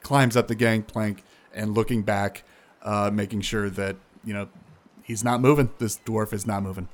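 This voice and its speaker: A man narrating as game master in a casual, halting way. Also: lowish voice, steady tone.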